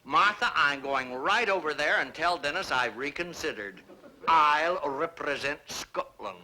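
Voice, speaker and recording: A fussy, exasperated older neighbor. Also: male voice, on the high side, expressive, unhurried, sharp tone, exaggerated voice, rough recording. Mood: eager. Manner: exasperated, pompous. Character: fussy, short-tempered older male neighbor. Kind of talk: 1960s sitcom acting.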